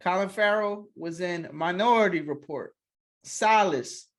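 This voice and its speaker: A man's voice: sits high, a little slow. A man co-hosting a podcast in casual chat, teasing and laughing through the banter. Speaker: podcast co-host.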